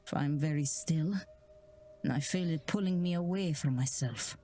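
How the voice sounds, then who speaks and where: An actress playing a solemn woman obsessed by a cursed vase, speaking gravely and hushed in a game. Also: deep voice. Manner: slow, grave, hushed delivery. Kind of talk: game character dialogue.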